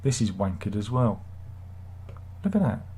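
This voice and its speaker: A man's voice: lowish voice, very animated, unhurried, warm tone, slightly rough. A man hosting a live stream, reading chat comments and grumbling sardonically in a rambling, casual way. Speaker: livestream host.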